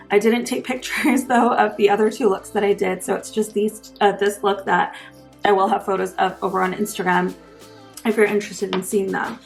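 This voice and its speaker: Young female beauty vlogger, casual and enthusiastic, heavy vocal fry. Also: medium pitch. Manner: gushing and enthusiastic. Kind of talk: casual makeup review.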